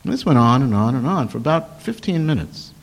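Older male storyteller, animated and self-deprecating, with frequent false starts. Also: mid-range voice, gravelly. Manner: animated, self-mocking, halting restarts. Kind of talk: personal anecdote told to an audience.

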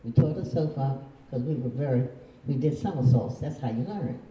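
An older woman, a retired teacher, shares her own family memories as oral history, chuckling in a folksy way and playing other people's voices. Her voice is very deep, mellow and a little fast. The recording is distant, roomy and dull, with a lo-fi quality.

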